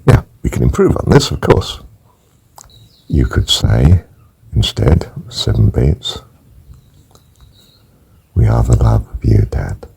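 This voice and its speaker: An older man teaching a guided breathing meditation, counting breaths gently and softly, sometimes near a whisper. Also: rumbling low, lively intonation, slow pace, pauses often, poor audio. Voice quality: gravelly, husky voice. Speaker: spiritual teacher.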